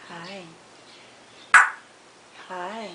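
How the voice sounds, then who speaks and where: A woman at home chatting to her pet bird in an unhurried, cooing baby-talk voice, teasing and scolding it by turns. The home video has a steady layer of hiss and noise behind her. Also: on the low side. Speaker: parrot owner.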